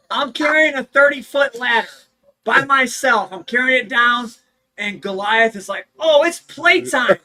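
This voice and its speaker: A man's voice: very high-pitched, steady tone, unhurried, bright, forceful tone. A young man chiming in on a livestream chat, telling his side of the stories in a blunt, matter-of-fact way. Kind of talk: casual storytelling chat.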